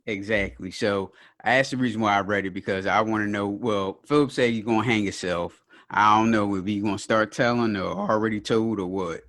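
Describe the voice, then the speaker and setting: A man's voice: fairly low pitch, steady tone, a little fast, a bit bright. A man co-hosting a podcast, chatting casually and chuckling as he jokes his way through his commentary. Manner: laid-back, chuckling, joking commentary. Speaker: podcast co-host. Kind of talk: casual chat.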